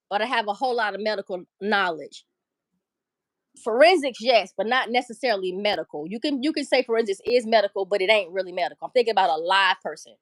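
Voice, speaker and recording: A woman's voice: fairly high pitch, no room sound. A middle-aged woman hosting a livestream, ranting emotionally and profanely. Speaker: livestream host. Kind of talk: casual livestream commentary.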